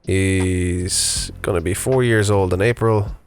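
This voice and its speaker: A man's voice: low voice, fairly even intonation, slow pace, soft background music. A man in his thirties casually narrating an unscripted vlog while walking his dog outdoors, chatty and rambling with fillers. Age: 30s. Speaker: vlogger. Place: outdoors on a morning walk.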